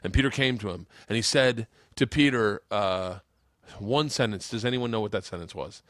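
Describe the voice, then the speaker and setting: A man's voice: fairly low pitch, normal speed, no room sound. Man, podcast host, rambling stories, profane, laughs a lot, dry close sound. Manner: animated, profane, laughs while telling stories. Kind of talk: casual chat, rambling storytelling.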